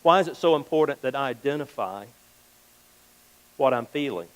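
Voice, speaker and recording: A man's voice: mid-range voice, expressive, normal speed, poor audio. A male pastor giving a sermon in a conversational way, acting out little everyday exchanges as he goes. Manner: conversational preaching, acts out little quoted exchanges. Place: church.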